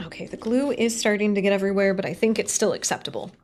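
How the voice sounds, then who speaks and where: A woman's voice: mid-range voice, fast talker, a little mellow, faint music behind. A woman streamer in casual, rambling chat while crafting on stream, swearing now and then and poking fun at herself. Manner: rambling, sweary, self-mocking.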